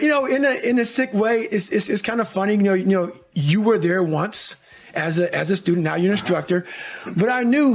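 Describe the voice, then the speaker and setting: A man's voice: high-pitched, vocal fry, slightly rough. A middle-aged man telling a story as a podcast guest, intense, blunt and full of profanity. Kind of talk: casual storytelling in a podcast interview.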